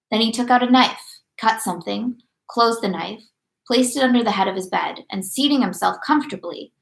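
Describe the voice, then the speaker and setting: A woman reading a classic novel aloud at a steady, measured pace. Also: medium pitch, creaky. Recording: echoey room.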